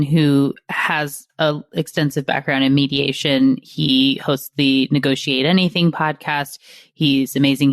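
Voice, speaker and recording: A podcast host talking in a relaxed way, sharing references and building on the guest's points. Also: mid-range voice, dry recording, studio quality. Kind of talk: casual interview chat.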